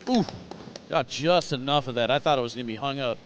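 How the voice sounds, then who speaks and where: A man's voice: medium pitch, a little fast, background noise. Joking male sports commentator. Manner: chatty, joking banter between calls. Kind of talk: live play-by-play commentary.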